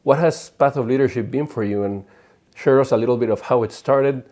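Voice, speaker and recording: A man hosting a podcast, who sums things up in a measured way before asking his interview questions. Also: mid-range voice, a little mellow. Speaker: podcast host.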